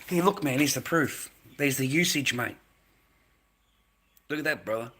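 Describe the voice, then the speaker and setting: A man's voice: mid-range voice, animated, measured pace, a bit bright. A middle-aged man with an Australian accent, ranting angrily to camera with lots of swearing, stumbling and repeating himself. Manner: angry, profane, repeats himself, stumbles over words. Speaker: vlogger.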